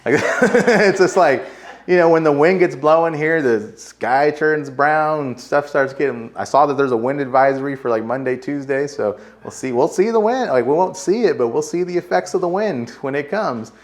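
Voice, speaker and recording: Casual conversational American pastor preaching. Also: male voice, fairly high pitch, expressive, normal speed. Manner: casual, conversational preaching with frequent "like" and light laughs. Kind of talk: sermon. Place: church sanctuary.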